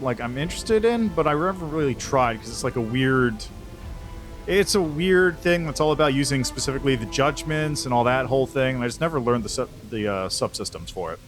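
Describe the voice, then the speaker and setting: A man streaming a role-playing video game, chatting casually and rambling, poking fun at himself and swearing now and then. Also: mid-range voice. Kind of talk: casual gameplay commentary.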